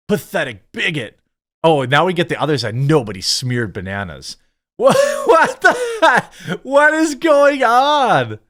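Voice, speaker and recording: A man hosts a reaction commentary, sarcastic and mocking in tone. His pitch swings up and down, and he often stammers and restarts mid-sentence. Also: a bit bright. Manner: sarcastic and mocking, bursts of laughter. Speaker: commentary show host.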